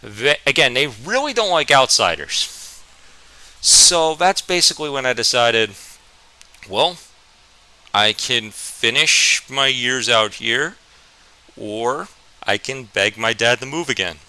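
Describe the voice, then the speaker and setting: A young man from New Jersey telling a storytime vlog, with a halting, stammering, self-deprecating manner. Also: medium pitch, lively intonation, pushed and bright, dry recording, low-quality recording. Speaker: vlogger.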